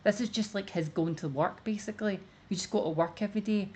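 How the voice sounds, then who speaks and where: Explaining her take in loose commentary, a female streamer rambles and fills her speech with "like." Her medium-pitched voice has a dark tone and a quick pace.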